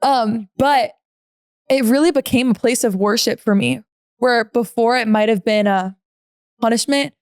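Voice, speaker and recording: Young female guest, sincere and quick, slightly higher voice. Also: darkish tone, dry recording, studio quality. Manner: sincere, quick, laughs at herself. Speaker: podcast guest. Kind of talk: casual testimony.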